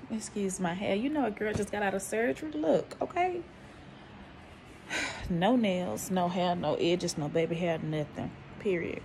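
A woman's voice: mid-range voice, expressive, measured pace, darkish tone, a little hiss or hum. A middle-aged woman, chatting candidly to a phone camera at home, out of breath and tired after surgery. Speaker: vlogger. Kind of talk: casual post-surgery recovery vlog.

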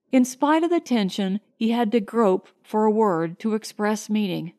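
A woman reading a science fiction short story aloud in a measured, grave storytelling manner. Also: mid-range voice, mellow. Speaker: audiobook narrator. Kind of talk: scripted narration.

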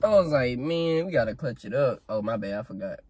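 A man's voice: medium pitch, expressive, fairly quick, heavy background noise. Easygoing slangy young man. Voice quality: easygoing, slangy, plugs his videos. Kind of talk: casual talk to viewers. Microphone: webcam on a video chat.

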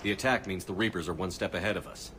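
A man's voice: low voice, fairly even intonation, quick pace, a bit bright, slight background noise. An actor playing a stern male military commander in a video game, giving clipped orders. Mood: urgent.

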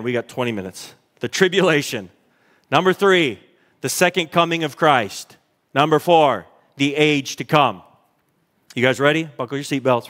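Fervent high-voiced pastor in a reverberant hall. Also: male voice, fairly bright tone. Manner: fervent, exclamatory, fast bursts then slow emphatic readings. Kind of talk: sermon. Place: large church auditorium. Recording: long church hall reverb.

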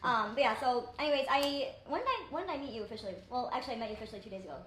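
A woman's voice: fairly high pitch, expressive, very fast, fairly bright tone, slight background noise. A woman YouTuber chatting casually on her vlog, rambling and self-deprecating, full of fillers. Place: indoors in a rented place with friends. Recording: echoey room.

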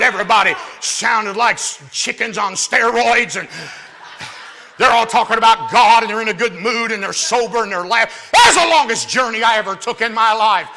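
A man tells his life story from a church platform in a very high, piercingly bright voice, swinging from hushed asides into shouted punchlines. His comic, animated preaching rings out with the long reverb of a large hall. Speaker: guest speaker giving his testimony. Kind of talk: comic testimony preaching to a youth rally.

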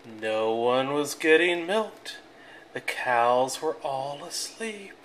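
A reader reading a children's picture book aloud in a clear, expressive way. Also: medium pitch, slow pace, a little hiss or hum.

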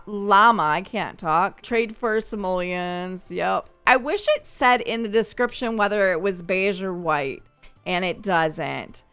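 A woman's voice: medium pitch, a bit bright, clear, resonant tone. Chatty woman narrating her gameplay. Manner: chatty, thinking aloud, quick to laugh. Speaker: gaming channel host. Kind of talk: gameplay commentary.

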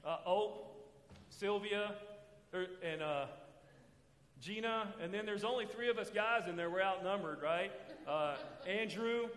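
A man's voice: high voice, unhurried, fairly bright tone. A man preaching a sermon in a church, drawing call-and-response answers from the congregation by having them finish his sentences. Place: church sanctuary. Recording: echoey hall with long reverb.

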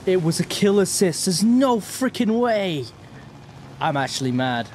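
A young man streaming a flight game, joking and reacting loudly, swinging between mock calm and yelling. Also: high voice, a little slow, a little hiss or hum. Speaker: gaming streamer. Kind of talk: live gameplay commentary.

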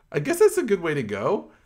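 A man co-hosting a casual podcast, rambling with lots of filler words and retelling stories. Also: high voice. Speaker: podcast co-host. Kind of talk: casual chat.

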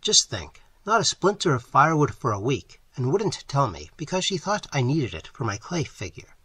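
A man's voice: medium pitch, sing-song, normal speed, pushed and bright, slightly rough, dry recording, full character voice. A man voicing an earnest young man in love who speaks emphatically, read as part of an audiobook. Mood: fervent.

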